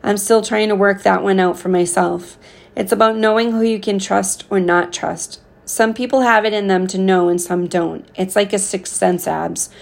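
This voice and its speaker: A woman reading a caring, firm father's lines as he calmly advises his young son. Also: medium pitch, moderate pace, vocal fry, lightly acted. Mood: advising. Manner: calm, steady advice.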